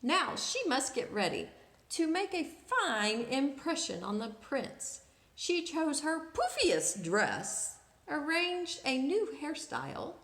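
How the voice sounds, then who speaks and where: Animated high-voiced woman reading a storybook. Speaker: storyteller reading a picture book aloud. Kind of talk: expressive read-aloud storytelling. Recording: roomy echo.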